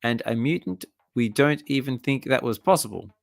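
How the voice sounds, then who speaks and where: A man's voice: medium pitch, normal speed, creaky, no echo, clean studio sound, close to an everyday voice. A man voicing a young woman mutant hero in a casual comic reading, reading her lines plainly and only slightly raised. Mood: explaining.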